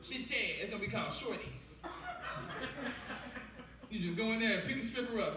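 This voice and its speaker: A young man from Cincinnati in his twenties doing a stand-up set, telling stories in a loud, profane, animated way. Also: high-pitched, normal speed, noisy background. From Cincinnati, USA. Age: 20s. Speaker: stand-up comedian. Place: comedy club stage. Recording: echoey club, distant mic, loud crowd.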